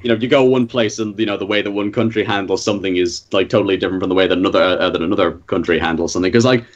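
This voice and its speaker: A man's voice: low-pitched, rapid-fire, highs cut off. An Irish man chatting casually on a podcast, rambling with many fillers and restarts. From Ireland. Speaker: podcast guest. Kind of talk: casual chat.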